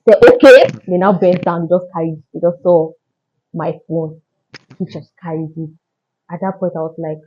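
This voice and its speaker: Young nigerian woman doing a storytime vlog, kinda low voice, emotional and chatty, muffled phone sound. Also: moderate pace, long pauses. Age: young adult. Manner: animated, emotional retelling with many fillers. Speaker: vlogger. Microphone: phone camera. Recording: dull lo-fi phone audio.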